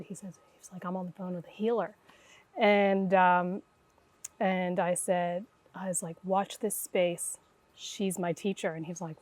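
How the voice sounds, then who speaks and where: Middle aged woman guest, animated storyteller, does the voices, dry close sound, normal pitch. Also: a little slow, no room sound. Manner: animated, acts out quoted dialogue. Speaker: guest intuitive. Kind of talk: conversational storytelling.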